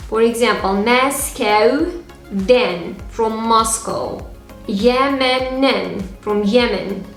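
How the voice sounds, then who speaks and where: Slow, careful woman teacher. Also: a little high. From Tatarstan, Russia. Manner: spells out endings sound by sound, repeating each example. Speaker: language teacher. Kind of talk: slow, careful phrasebook lesson. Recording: echoey room with faint music.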